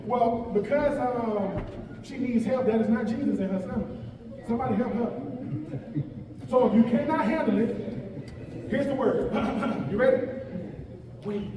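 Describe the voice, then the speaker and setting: A man in his forties giving an animated, joking motivational speech to young athletes, calling out to the crowd. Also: very high-pitched, unhurried, pauses often, noisy background. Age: 40s. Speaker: guest speaker. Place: large event hall. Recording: echoey hall, voice picked up from far off.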